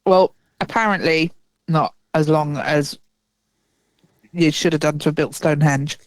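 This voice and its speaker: A woman's voice: deep voice, measured pace, no echo. Chatty woman co-hosting a podcast. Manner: chatty, animated, swears freely and laughs often. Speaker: podcast co-host. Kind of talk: casual chat.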